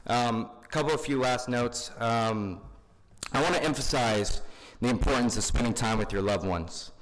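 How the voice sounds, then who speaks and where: A man's voice: medium pitch, moderate pace, fairly bright tone. A young man speaking at his grandfather's funeral, informal and full of fillers. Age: young adult. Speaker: grandson giving a eulogy. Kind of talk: funeral eulogy. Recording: long hall reverb.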